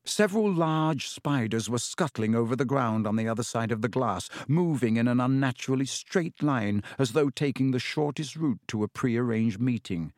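A man with a mid-range voice narrates an audiobook in a measured, even storytelling manner. The recording is clean studio sound with no echo.

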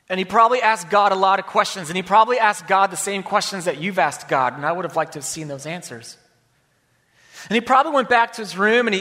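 A man preaching a sermon, swinging from loud emphasis to hushed near-whispers. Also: high-pitched. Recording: long hall reverb.

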